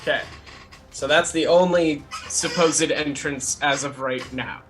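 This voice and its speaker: A man's voice: a little high, measured pace, music in the background. A man playing in a tabletop game, chatting casually and asking questions to check details. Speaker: player.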